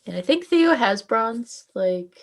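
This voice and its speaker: A woman's voice: fairly high pitch, lively intonation, takes it slowly. A woman talking casually as a player in a tabletop role-playing game, hesitant with fillers and swearing now and then. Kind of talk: tabletop role-play chat.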